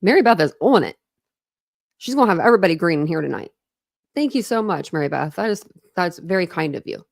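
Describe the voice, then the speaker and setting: Woman, livestream host; low-pitched, conversational, chatty with viewers, dry close sound. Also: lively intonation, quick pace, gravelly, dry recording. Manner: chatty, thanks viewers by name, frequent ums and laughs. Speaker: true crime livestream host. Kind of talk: casual livestream chat and reading aloud.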